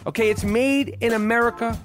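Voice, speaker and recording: Here a man with an extremely high voice hosts a sports podcast and delivers a host-read ad fairly quickly, his intonation fairly even, with music behind him. His style is brash, profane and meandering, peppered with "okay?" check-ins.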